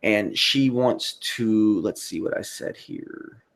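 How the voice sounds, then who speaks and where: A man with a low, gravelly voice, talking off the cuff on a livestream. He rambles and swears often, stopping now and then to read out viewer comments. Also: takes it slowly, fairly bright tone. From United States. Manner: rambling, profane, reads chat comments. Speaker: livestream host.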